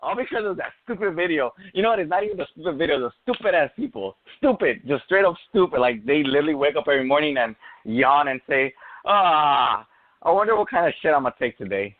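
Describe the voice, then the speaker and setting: A man's voice: fairly high pitch, animated, quick pace, few pauses. A man co-hosting a casual sports podcast who rants bluntly and profanely. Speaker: podcast co-host. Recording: tinny phone-like audio, faint music.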